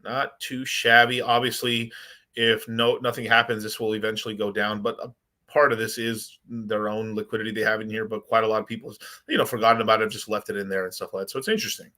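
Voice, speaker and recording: Brief: bright-voiced male streamer, rambling and excitable, casual commentary. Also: fairly low pitch, quick pace. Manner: rambling, excitable, chats with viewers. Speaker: crypto livestream host.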